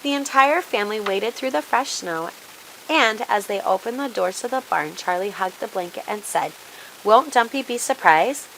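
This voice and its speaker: A woman reads a children's storybook aloud and brings every scene to life. Her voice is bright and clear. A faint hiss runs under the recording. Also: mid-range voice, normal speed, poor audio. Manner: expressive, animated read-aloud.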